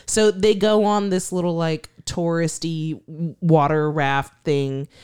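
A young woman co-hosting a podcast in casual chat, animated, swearing and laughing often. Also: low voice, slow, clean tone. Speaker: podcast co-host.

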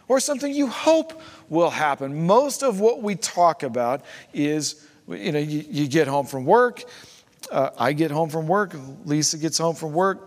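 A man preaching a sermon as pastor, conversational, with rhetorical questions and asides to his congregation. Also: a little high. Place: church sanctuary. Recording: long hall reverb.

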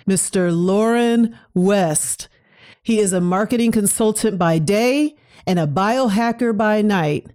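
A woman hosting a podcast, opening with a measured, deliberate introduction. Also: mid-range voice, darkish tone. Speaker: podcast host. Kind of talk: scripted podcast intro and interview.

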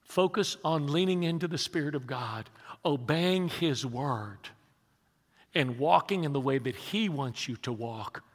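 A man's voice: a little high, lively intonation, a little slow. A man in his sixties, a pastor preaching an emphatic sermon and rallying his congregation with questions. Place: large church sanctuary. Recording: long reverb of a large hall.

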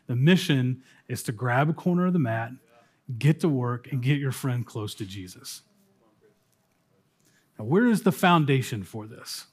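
A man pastor preaching a sermon in a conversational way, slowing down for dramatic pauses. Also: medium pitch.

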